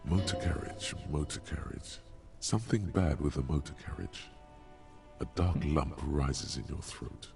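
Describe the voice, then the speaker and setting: Brief: extremely low, gravelly narrator voice, dry and wry, game music under it. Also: male voice, a little slow, darkish tone, exaggerated voice. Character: ominous inner voice of a male detective. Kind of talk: scripted narration. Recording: game audio over music.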